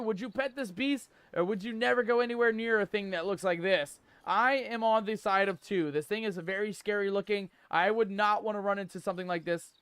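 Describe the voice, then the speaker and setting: A man streaming a game live, joking in mock pirate talk, reading the game's text aloud and shouting out in surprise. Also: sits high, clean tone, no echo. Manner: laughs often, exclaims loudly.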